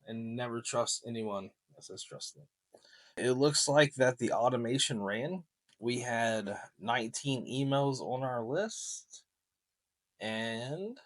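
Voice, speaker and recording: A man walks viewers through a tutorial at an unhurried, drawn-out pace. His voice sits at an ordinary middle pitch, and he keeps the talk loose, jokey and salesy. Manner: loose, joking, salesy, with mild swearing. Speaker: marketing tutorial host. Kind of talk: casual screen-share tutorial.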